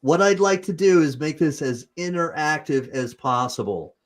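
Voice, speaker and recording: A man's voice: a little high, animated, normal speed. A man with a Utah accent hosting a livestream, chatting casually and improvising as he reads comments. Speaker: host.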